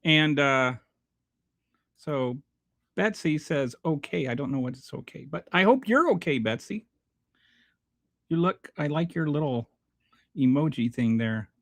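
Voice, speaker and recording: Give me a high-pitched man hosting a rambling, sarcastic political livestream. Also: expressive, a little slow, long pauses, fairly bright tone, dry recording. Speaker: political commentary host. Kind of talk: livestream commentary reading chat. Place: home near a small Texas town.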